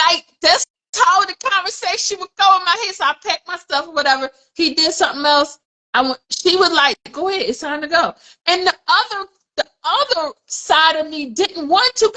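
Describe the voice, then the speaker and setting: A woman's voice: extremely high pitch, lively intonation, moderate pace, bright, forceful tone, rough recording. A woman in her forties talking candidly in a casual podcast conversation. She tells personal stories and acts out the voices in her head. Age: 40s. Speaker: podcast co-host.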